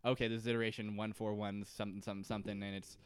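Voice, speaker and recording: A man's voice: on the low side, flat delivery, very fast, smooth, no room sound. A man co-hosting a casual comedy podcast, recapping an episode, laughing often and acting out characters' lines. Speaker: podcast co-host.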